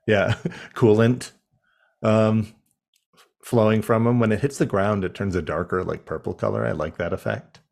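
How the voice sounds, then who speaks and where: Young man chatting loosely, low voice. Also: fairly even intonation, normal speed, creaky, a little mellow. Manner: laughing, loose, profane. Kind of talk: casual chat.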